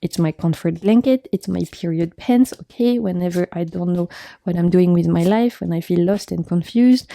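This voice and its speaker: Young woman with a gravelly, dark voice, chatty and gushing over her deck collection. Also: fairly low pitch, normal speed, no room sound. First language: French. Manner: enthusiastic, gushing, frequent laughs and fillers. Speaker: tarot vlogger. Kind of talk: casual chat showing tarot decks.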